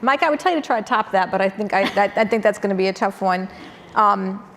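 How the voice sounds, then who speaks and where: A woman's voice: medium pitch, quick pace, fairly bright tone. A woman moderating a panel, framing her questions thoughtfully with frequent hesitations. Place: auditorium panel event. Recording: long hall reverb, faint room noise.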